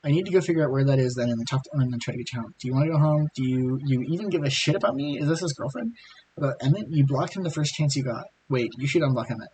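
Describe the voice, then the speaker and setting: A hoarse man reading a tired, anxious young woman's lines, blunt and swearing. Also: medium pitch, rapid-fire, a little mellow, a little hiss or hum, lightly acted, rough recording.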